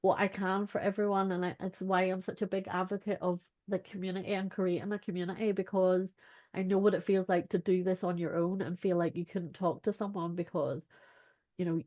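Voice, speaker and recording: A woman's voice: on the low side, little pitch movement, a little fast, mellow. A woman, talking earnestly as a podcast guest, with "like" in most sentences. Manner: earnest, uses "like" a lot. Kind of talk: candid personal chat. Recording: dull lo-fi sound.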